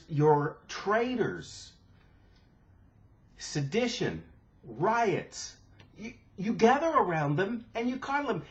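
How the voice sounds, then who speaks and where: A man giving an impromptu political rant to his camera, agitated and indignant, often repeating himself and restarting sentences. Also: a little high. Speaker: political vlogger. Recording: dull lo-fi camera audio.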